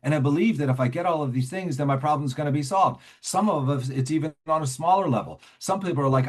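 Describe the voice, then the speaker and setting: A man's voice: fairly high pitch, quick pace, few pauses, darkish tone. A middle-aged man from New Jersey speaking at a recovery meeting, telling his story conversationally and often checking in with "right?". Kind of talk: personal recovery talk to a meeting.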